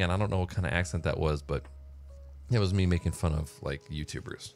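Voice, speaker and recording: A man's voice: low-pitched, fairly quick, a little mellow. A man talking casually in a solo vlog monologue, rambling and conversational with plenty of fillers. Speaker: vlogger.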